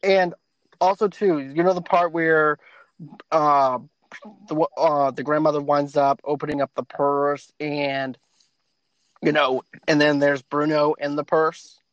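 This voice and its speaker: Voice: medium pitch, flat delivery, a little slow, no room sound. Earnest co-host, dry muffled sound. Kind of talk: casual movie discussion.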